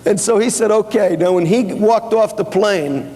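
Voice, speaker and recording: In a seminar hall with an audience and long reverb, a man with a high-pitched, dark-toned voice delivers an anecdotal business talk at a company seminar at a moderate pace. He is conversational and casual, quoting back-and-forth dialogue amid fillers and restarts.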